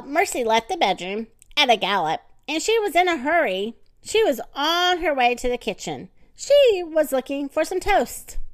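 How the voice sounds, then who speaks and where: A woman reading a children's story aloud in an expressive, animated manner with dramatic pauses. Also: on the high side, dry recording, studio quality.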